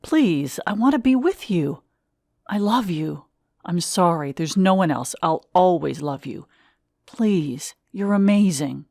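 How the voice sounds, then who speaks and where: A woman's voice: lowish voice, animated, creaky, dark tone, dry recording, studio quality, exaggerated voice. A woman voicing a guilty, pleading boyfriend. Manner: hurried, pleading. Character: guilty young man, pleading and defensive. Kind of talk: audiobook reading.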